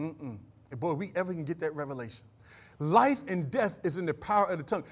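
High-voiced preaching pastor, call and response. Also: male voice. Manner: call-and-response preaching, rising to emphatic declarations. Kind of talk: sermon. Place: church.

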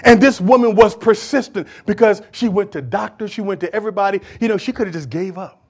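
A man preaching a sermon in church, emphatic and full of rhetorical questions, swinging from shouts to hushed asides. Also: sits high, quick pace.

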